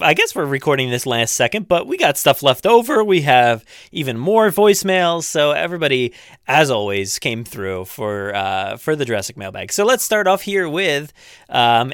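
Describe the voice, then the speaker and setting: A man's voice: on the high side, sing-song, moderate pace, fairly bright tone, smooth, no room sound, studio quality. A man hosting a podcast in a casual, upbeat way, rambling with lots of fillers. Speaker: podcast host.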